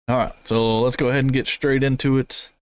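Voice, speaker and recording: A man's voice: medium pitch, flat delivery, a little fast, clear, resonant tone, no echo. A man with an ordinary mid-range voice chats casually as a podcast co-host, rambling a little as he talks things through. He laughs easily and keeps things loose. The sound is close and dry. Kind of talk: casual chat reviewing race car paint schemes.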